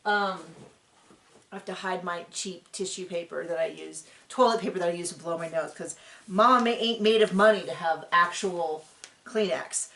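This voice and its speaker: A woman's voice: on the low side, moderate pace, fairly bright tone. Chatty sarcastic woman in an echoey room. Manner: chatty, sarcastic, full of fillers. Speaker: recap show host. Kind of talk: casual recap chat.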